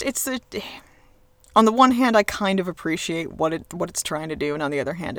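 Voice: medium pitch, expressive, fast talker, a bit bright, dry recording. Rambling, sarcastic TV reviewer. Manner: rambling, sarcastic, swears freely; frequent restarts and fillers. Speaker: episode reviewer. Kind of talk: casual spoken TV review.

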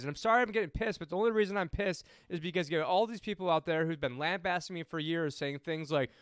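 Heated ranting podcast host, clear voice. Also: male voice, fairly high pitch, fast talker, few pauses, fairly bright tone, no echo. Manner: heated ranting, swears, mocks opponents; rambling with many fillers and restarts. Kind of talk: casual political and money talk.

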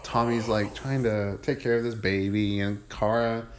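A man's voice: lowish voice, fairly even intonation, unhurried, a little hiss or hum. A man co-hosting a podcast in casual chat, recapping a film in a playful, giggly way. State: has hiccups. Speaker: podcast co-host.

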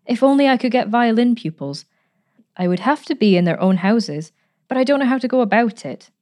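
A woman's voice: a little high, expressive, brisk, mellow, voice pushed up, natural voice. A woman reading a storybook, voicing an eager, timid eighteen-year-old girl who speaks earnestly and stammers a little.

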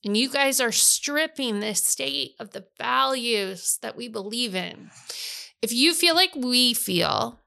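A woman's voice: fairly high pitch, animated, takes it slowly, creaky, pushed and bright. A middle-aged woman from Iowa, co-hosting a casual podcast chat, blunt and fired up, swearing freely. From Iowa, United States. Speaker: podcast co-host, bookstore owner.

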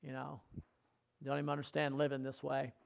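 A man's voice: medium pitch, monotone, fairly quick, vocal fry. A man preaching a sermon, telling his own testimony earnestly, repeating phrases for emphasis and dropping his voice for asides.

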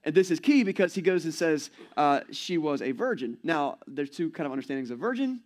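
A man in his forties gives a sermon in a slightly higher voice than most men. His tone is chatty and playful, and he often slips into little acted-out voices. It sounds like a pastor talking easily to his congregation. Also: lively intonation, a little fast. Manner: conversational, playful, acts out quotes.

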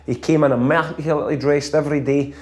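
A Scottish man with a slightly higher voice tells football stories in easy, animated chat. He laughs his way through the funny bits and keeps the tone relaxed and conversational. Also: quick pace. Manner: animated, laughs often while telling stories. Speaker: former footballer guest. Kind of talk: casual storytelling chat.

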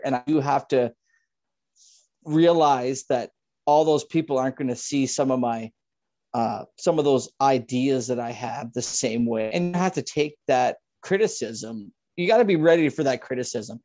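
A man's voice: medium pitch, normal speed, dark tone, dry recording. A man from Ontario, Canada, a farmer talking as a podcast guest over a video call, ranting casually and swearing a lot. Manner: profane, ranting. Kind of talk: casual chat.

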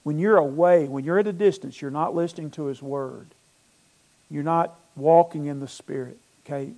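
Speaking at a moderate pace in a fairly high pitch, a Southern-accented pastor from North Alabama delivers a church sermon. He retells scripture, breaking into animated, emphatic bursts.

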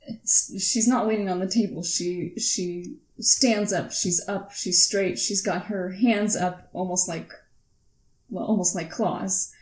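A woman's voice: medium pitch, fairly even intonation, takes it slowly, roomy sound, low-quality recording. Hesitant woman narrating her game character. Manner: hesitant, with many fillers. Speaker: player. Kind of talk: tabletop role-play narration.

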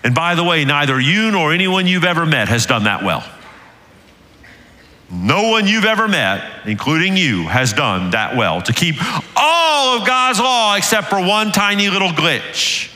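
A man's voice: high-pitched, very animated, measured pace, bright, forceful tone. An older man with a Southern US accent preaching a sermon as lead pastor, earnest and building to emphatic peaks. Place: church sanctuary. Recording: reverberant church hall.

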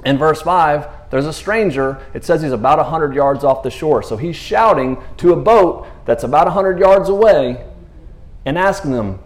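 A man preaching casually, retelling scripture in an animated way with laughing asides. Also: on the high side, normal speed. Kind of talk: casual sermon.

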